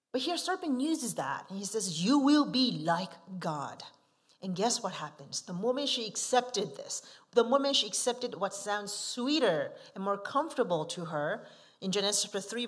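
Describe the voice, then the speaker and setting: A woman missionary preaching a sermon, asking the congregation rhetorical questions and stressing key words emphatically. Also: mid-range voice. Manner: asks the listeners frequent rhetorical questions; emphatic, swinging from soft asides to forceful stresses.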